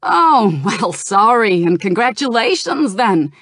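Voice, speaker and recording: A woman voicing a scheming male goblin leader, loud, chirpy and mocking. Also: a little high, very animated, slow, no room sound, studio quality, pitched above the performer's own voice, exaggerated voice.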